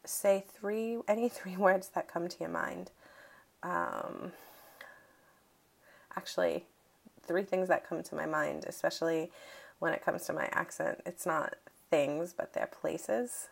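Slow, gravelly woman with Massachusetts accent. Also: lowish voice. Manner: relaxed, chuckling, unhurried word reading. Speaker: audio recording creator. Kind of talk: casual accent tag video.

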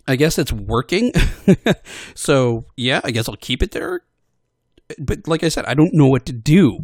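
A man talking in a loose, wandering monologue at a middle pitch, recorded close and dry with no room sound. He is self-deprecating and hesitant, stumbling over restarts and fillers, and keeps slipping into quick character voices to quote other people. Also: expressive, a little mellow, no room sound. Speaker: voice actor for audio posts. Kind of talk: casual rambling monologue.

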